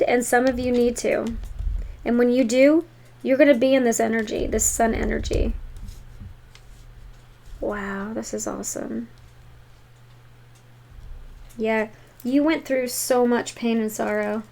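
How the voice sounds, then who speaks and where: A woman's voice: on the high side, a little slow, creaky, long pauses. Emphatic woman giving a tarot reading. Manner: emphatic, encouraging, animated. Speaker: tarot reader.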